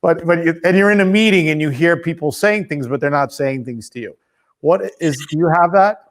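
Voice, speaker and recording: A man's voice: a little high, brisk. A man in his fifties hosting a podcast interview, talking casually and restarting his sentences as he thinks aloud. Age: 50s. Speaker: podcast host.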